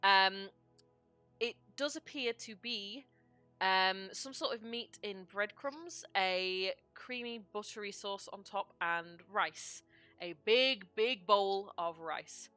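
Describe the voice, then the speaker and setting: A woman narrating a tabletop game as game master, describing scenes with unhurried pauses. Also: medium pitch, bright, forceful tone, smooth, faint music behind.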